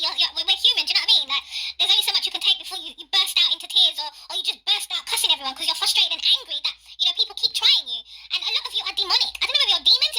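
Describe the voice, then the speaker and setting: A woman's voice: very high voice, bright, forceful tone, slight background noise, poor audio. A young woman rants to camera as a vlogger, mocking and swearing heavily while laughing through her words. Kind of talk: angry rant to camera.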